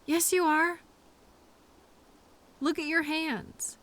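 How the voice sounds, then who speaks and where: A woman's voice: sits high, fairly even intonation, extremely slow, a bit bright. A young woman performing a scripted audio role-play as a coworker who finds the listener in a blizzard, fussy and scolding, then apologetic, with quirky mild exclamations.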